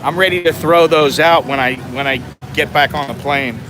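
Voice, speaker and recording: A travel vlogger from the United States walking through a city, chatting in a wry, self-mocking way with chuckling asides, sweaty from the heat. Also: male voice, a little high, normal speed. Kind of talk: casual walking vlog. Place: busy city streets outdoors. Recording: outdoor street noise.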